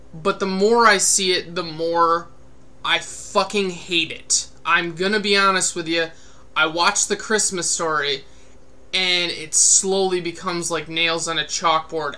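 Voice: medium pitch, sharp tone. A podcast host giving an irritated, profane, sarcastic spoken movie review. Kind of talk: casual spoken review rant.

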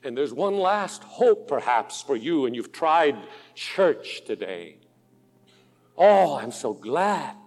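Slow impassioned male preacher in a hall. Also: fairly high pitch, sing-song. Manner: slow, impassioned preaching, swinging from hushed to loud. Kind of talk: sermon. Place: auditorium. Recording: long hall reverb.

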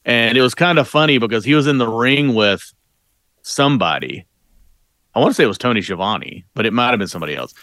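Fast-talking and lively in intonation, this podcast co-host has a medium-pitched, slightly bright voice and rambles in casual conversation, full of fillers and restarts. It's studio-quality audio without room sound.

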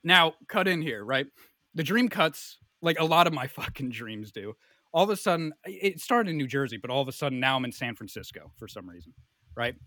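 A young man telling a comic story in a rambling, animated way, full of fillers. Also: medium pitch, a little fast, no echo.

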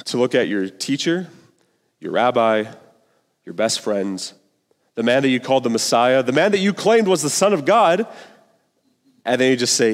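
A man delivers a sermon in a relaxed, earnest, conversational style, dropping casual slang as he goes. His voice sits at a middling pitch and is carried by a long hall reverb. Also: normal speed, long pauses. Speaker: pastor.

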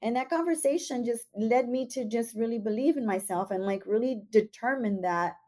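A woman's voice: fairly high pitch, normal speed, warm tone. A young woman talking candidly and reflectively in a casual conversation, earnest and emphatic.

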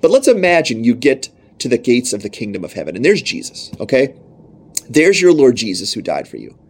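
A man's voice: medium pitch, sing-song, brisk, slightly rough. A young man preaching a sermon, telling his own story in an earnest, emphatic way.

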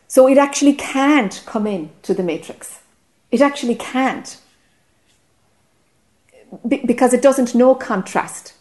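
A woman's voice: sits high, measured pace, long pauses, a little mellow. A woman with an Irish accent giving a spiritual teaching talk to a group, earnest and often checking whether listeners follow.

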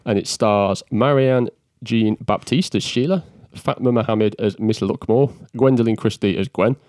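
A man's voice: lowish voice, moderate pace, a little mellow, no echo. A man co-hosting a podcast in casual chat, laughing often and poking fun at himself, a bit coughy from an allergy. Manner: laughs often, self-mocking banter. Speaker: podcast co-host. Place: living room. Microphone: podcast mic.

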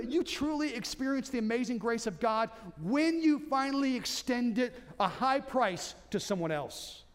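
A man preaching a sermon as pastor, emphatic, repeating key points and restarting phrases. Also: sits high.

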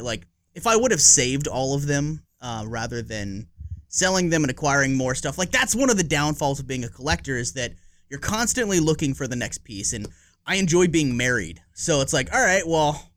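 A man in his forties with a slightly higher-than-usual voice co-hosts a podcast. He talks casually and at length, swearing freely and laughing easily as he wanders from point to point. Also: animated, moderate pace, fairly bright tone, no room sound. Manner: rambling, profane, laughs easily. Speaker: podcast co-host. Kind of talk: casual chat.

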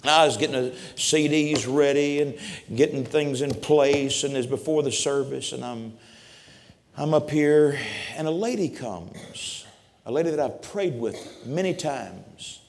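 A man preaching a sermon from the pulpit, fervent, moving from quiet asides to loud exhortation. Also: medium pitch, a little slow, vocal fry. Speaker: traveling preacher. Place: church sanctuary at the pulpit. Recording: church hall reverb.

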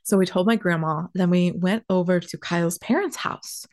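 A young woman with a fairly low-pitched voice tells a personal story in a chatty, animated way. She fills her sentences with "like" and runs on eagerly from one detail to the next. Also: normal speed. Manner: animated, chatty, heavy use of "like".

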